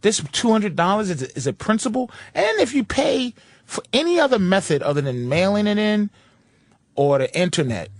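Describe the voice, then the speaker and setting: Man, high voice, very lively pitch, dry close sound, animated radio storytelling. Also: normal speed, no echo. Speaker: radio show regular. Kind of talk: casual radio banter, acting out phone calls.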